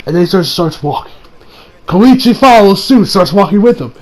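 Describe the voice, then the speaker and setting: A man's voice: sits high, expressive, normal speed, darkish tone, poor audio. A young man casually recapping an anime episode, rambling and playful, laughing as he retells scenes.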